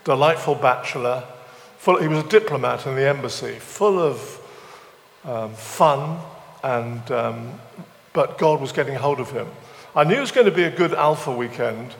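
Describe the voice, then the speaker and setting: A man's voice: mid-range voice, animated, normal speed, vocal fry, long reverb tail, a little hiss or hum. A man preaching a sermon, mixing scripture with humorous stories and self-deprecating asides. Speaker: visiting preacher. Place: church weekend away venue, large room.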